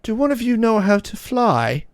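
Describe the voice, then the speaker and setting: A man's voice: sits high, very animated, normal speed, no room sound, clean studio sound, pitched above the performer's own voice. A game master voicing a mousy young man with a put-on British accent who asks short, matter-of-fact questions. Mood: asking. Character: mousy young man, rigger, calm and practical.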